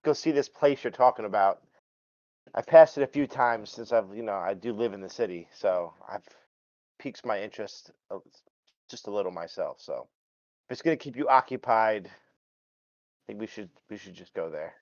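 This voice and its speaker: A man voicing an easygoing male city local in a tabletop game, who talks in halting, placating bits. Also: lowish voice, darkish tone, no echo, highs cut off, close to an everyday voice. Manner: halting, placating, full of restarts.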